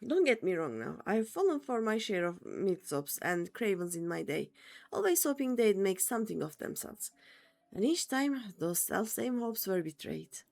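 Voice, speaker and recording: A woman's voice: mid-range voice, very animated, normal speed, gravelly, darkish tone, soft background music. A woman voicing a weary, worldly-wise female adventurer in a dry tone. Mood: wry.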